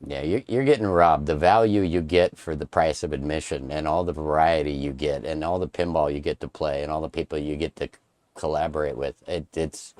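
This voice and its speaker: A man's voice: extremely low pitch, steady tone, a little fast, darkish tone, dry recording. A man co-hosting a casual interview, joking playfully while hyping up the event. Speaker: co-host.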